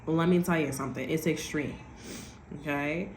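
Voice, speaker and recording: A woman with a low, steady voice gives a casual tarot reading at normal speed, rambling, giggling, swearing freely and tacking "okay?" onto her lines. The echoey room carries faint ambient noise.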